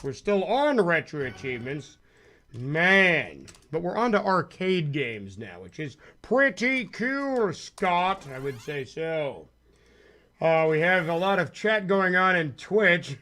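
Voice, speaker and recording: A man's voice: fairly high pitch, bright, forceful tone. A man live-streaming a game, chatting casually with viewers in a rambling, self-deprecating, jokey way. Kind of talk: casual live-stream chat while playing.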